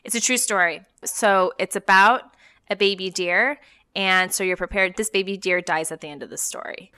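A young woman co-hosting a casual podcast chat, telling stories in an animated way and acting out voices as she goes. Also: mid-range voice, normal speed, clear, resonant tone. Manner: animated storyteller, acts out voices, laughs often. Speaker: podcast co-host.

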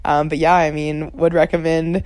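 A woman's voice: low voice, level tone, normal speed, a little mellow, dry recording. A young woman co-hosting a student podcast, chatting casually in a rambling, self-deprecating way. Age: young adult. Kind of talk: casual chat.

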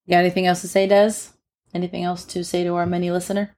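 Low-voiced young woman chatting casually. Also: little pitch movement, rapid-fire, darkish tone. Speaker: podcast co-host. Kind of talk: casual chat.

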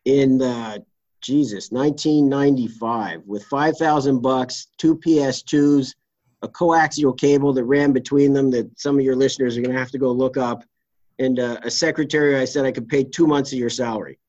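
Blunt, salty trial lawyer telling a story. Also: male voice, medium pitch, fairly even intonation, normal speed, a little mellow, dry recording, lo-fi sound. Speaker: trial lawyer, interview guest. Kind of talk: candid storytelling interview.

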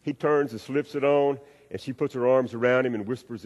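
Preacher guy telling a story from the pulpit, goes big then quiet, middle pitch, echoey church hall. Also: a little fast, muffled recording. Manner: storytelling with acted-out voices, wide swings in pitch and loudness. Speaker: pastor. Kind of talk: sermon. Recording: long reverb of a hall.

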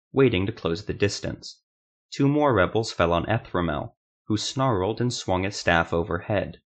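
Male narrator, low voice, measured dramatic fantasy audiobook reading.

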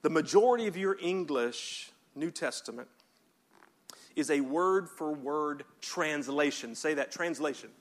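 Man pastor delivering a sermon with a high voice, punchy emphasis, gets the congregation to repeat after him. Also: expressive, a little slow.

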